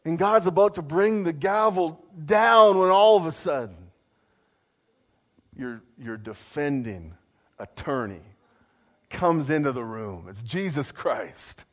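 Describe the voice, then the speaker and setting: A man preaching a sermon, telling a personal story with self-deprecating humor and jumping into a high voice to mimic his own outrage. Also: lively intonation, slow. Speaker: pastor.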